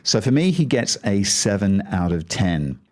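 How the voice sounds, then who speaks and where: A man's voice: lowish voice, very animated, a little slow. A man hosting a podcast, talking about history in a casual, chatty way that wanders off on tangents. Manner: chatty, digressive, rates things out of ten. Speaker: podcast host.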